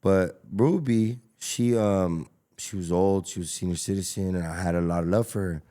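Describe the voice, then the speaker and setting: A man, a taco restaurant owner telling stories as a guest in a casual podcast interview, animated and full of slang. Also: sits low, normal speed. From Los Angeles. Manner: animated storyteller, slangy, acts out dialogue.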